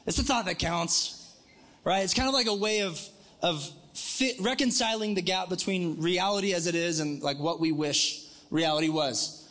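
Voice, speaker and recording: Male pastor, high voice, chatty and joking, preaching live to a congregation. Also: moderate pace. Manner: conversational, joking, animated. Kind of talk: sermon. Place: church in Northwest Montana.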